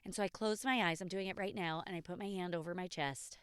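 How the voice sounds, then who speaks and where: A woman's voice: on the low side, fairly even intonation, fast talker, smooth, no room sound, studio quality. A woman hosting an unscripted personal podcast, talking candidly and passionately and swearing freely. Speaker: podcast host.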